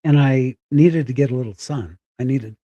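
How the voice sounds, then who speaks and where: A middle-aged man telling a personal story candidly, halting and close to tears. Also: medium pitch, dark tone, no room sound, muffled recording. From Spokane, Washington. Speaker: guest.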